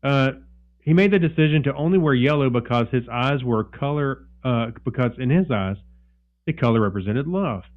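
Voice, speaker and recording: Man reading news with halting fillers. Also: mid-range voice, lively intonation, narrow, tinny audio. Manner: halting, many fillers and restarts. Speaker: podcast co-host. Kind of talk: casual chat, reading a news story aloud.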